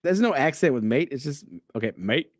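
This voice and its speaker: A man co-hosting a podcast in casual chat, with quick affirmations and friendly banter. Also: on the high side, expressive, dry recording, studio quality. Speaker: podcast co-host.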